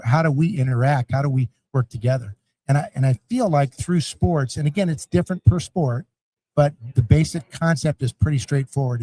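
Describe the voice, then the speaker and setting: A middle-aged man, a guest on a podcast, talking animatedly and acting out coaches and parents as he goes. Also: mid-range voice. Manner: animated storyteller, acts out yelling parents and scats rhythms. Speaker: youth sports league founder, guest. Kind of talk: conversational podcast interview.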